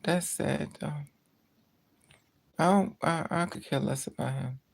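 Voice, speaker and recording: A livestreamer chats casually with viewers in a medium-pitched, creaky voice at a slightly slow pace. The storytelling is blunt and full of swearing, and the voice sounds tired, trailing off at times.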